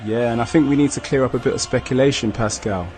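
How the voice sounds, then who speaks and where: A man hosting a sports podcast, casual and upbeat, with shouted hype intros. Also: mid-range voice, quick pace, faint music behind. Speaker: podcast host.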